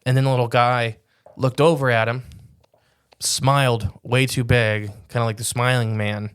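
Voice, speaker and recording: Male podcast co-host, mid-pitch, loose chatty storytelling. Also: flat delivery, moderate pace, clean tone. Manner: rambling storytelling with many "like"s. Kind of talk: casual podcast chat.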